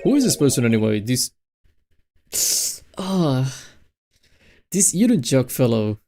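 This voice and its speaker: A man voicing a stern, easily bewildered elderly judge in a game reading, measured and formal. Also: mid-range voice, big pitch swings, mellow, soft background music. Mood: puzzled.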